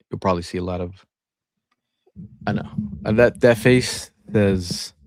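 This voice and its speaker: A man's voice: low voice, gravelly, dry recording, studio quality. A man hosting a live sports talk stream, chatting casually and reading out viewer comments. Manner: laid-back, reads out chat comments. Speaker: podcast host. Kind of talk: casual chat.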